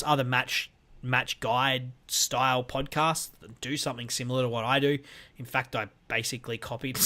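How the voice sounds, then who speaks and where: Medium-pitched and sharp, a man signs off his own casual solo podcast from a room at home that holds weights and a guitar. As host, he chats loosely and rambles, full of fillers and restarts.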